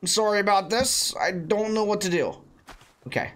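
A young man giving excited, jokey let's-play commentary, often bursting into shouts. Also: high voice, normal speed. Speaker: gaming YouTuber playing a creature-catching game.

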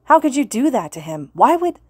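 A woman's voice: high-pitched, big pitch swings, a little fast, husky, no room sound, studio quality, pitched above the performer's own voice, heavily acted. A woman reading the lines of a teenage boy hero student, pleading and choked with emotion, in an audiobook fan reading. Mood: furious.

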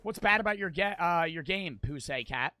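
Man, gaming streamer, profane, ranting, lively swooping delivery, faint music behind. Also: a little high, normal speed, dry recording. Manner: profane, ranting, talks to chat. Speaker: live streamer. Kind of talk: casual gaming stream chat.

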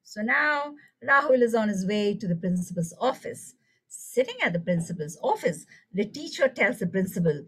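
A woman's voice: mid-range voice, moderate pace, slightly rough, poor audio. A woman leading an online teacher workshop, telling a story and asking the audience questions over a video call. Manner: engaging, animated, asks the audience questions. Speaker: teacher trainer.

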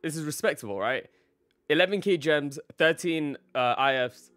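A man's voice: a little high, moderate pace, fairly bright tone, no echo, faint music behind. A young man live-streaming a game, casually greeting his chat by name and laughing often.

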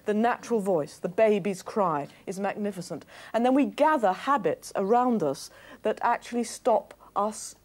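A woman's voice: medium pitch, expressive, normal speed, few pauses. A woman voice coach leading a workshop on a TV studio stage, coaxing the audience through exercises.

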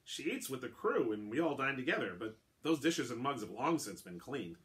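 A man's voice: medium pitch, very animated, normal speed, a bit bright. A man voicing an earnest male sailing master on a pirate ship, trying to keep the peace. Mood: explaining. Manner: earnest, urgent.

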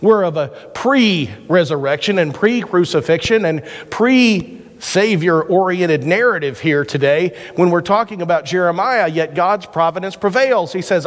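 A man pastor giving a sermon, mixing scripture with folksy stories and jokes. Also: high-pitched. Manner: folksy storytelling with quick jokes. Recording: church hall reverb.

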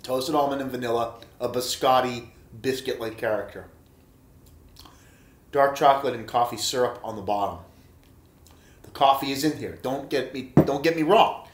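A man's voice: mid-range voice, moderate pace, pauses often, roomy sound. A man reviewing beer in a casual, chatty vlog, enthusiastic and talking straight to his viewers. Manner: enthusiastic, chatty, repeats himself and addresses viewers as guys.

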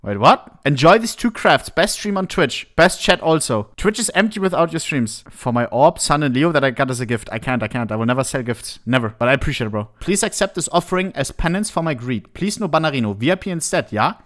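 A man's voice: mid-range voice, animated, fairly quick, hardly any pauses, a bit bright. A man streaming casually, reading out trade messages and brushing them off with laughs. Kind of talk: casual livestream commentary.

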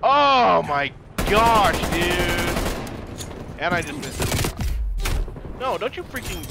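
A man streaming a shooter game, swearing, laughing and shouting taunts at other players over a headset. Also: high voice, very animated, slow pace, vocal fry, pauses often. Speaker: gaming streamer. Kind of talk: excited gameplay trash talk. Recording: noisy game audio in background.

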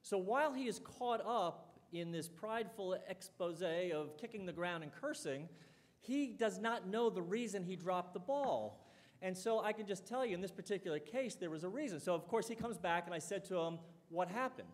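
A man's voice: high-pitched, expressive, normal speed. A middle-aged man giving a conversational talk to an audience, telling stories and acting out the dialogue in them. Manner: conversational, storytelling, acts out quoted dialogue. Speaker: college president giving a talk. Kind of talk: public speech with anecdotes. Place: lecture hall or dining hall. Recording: long hall reverb.

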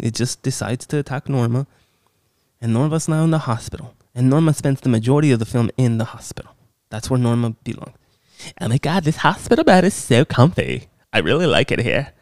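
A man's voice: mid-range voice, a little mellow, clear, resonant tone, no echo, studio quality. Sarcastic swearing man reviewing a film. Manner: sarcastic, exasperated, swears often. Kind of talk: casual profane film recap.

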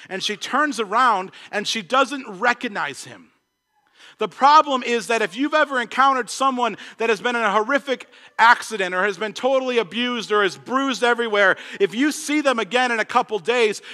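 A male pastor preaching an earnest sermon, swinging between emphatic points and hushed asides. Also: extremely high pitch, big-room sound. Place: church.

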